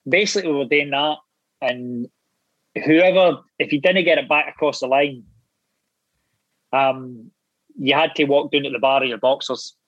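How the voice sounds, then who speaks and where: A Scottish man in his thirties, an actor guest telling animated, sweary anecdotes with laughing asides in casual chat. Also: mid-range voice, moderate pace, long pauses, no room sound, muffled recording. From Scotland.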